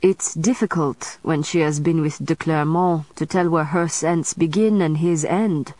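Soft, measured, menacing, ancient male vampire, read by a woman narrator, lowish voice. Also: fairly even intonation, no room sound. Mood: soft menace. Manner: soft, slow, measured delivery.

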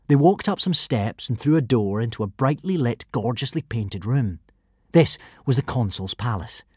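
A man narrating a children's adventure audiobook in an expressive, animated reading. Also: medium pitch, moderate pace, slightly rough, no room sound, studio quality. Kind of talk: storybook narration.

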